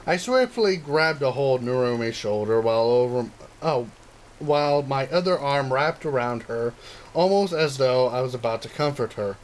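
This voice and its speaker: A hoarse man reading a visual novel aloud, stumbling and correcting himself as he goes. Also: mid-range voice, expressive, moderate pace, slight background noise. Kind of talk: casual story reading.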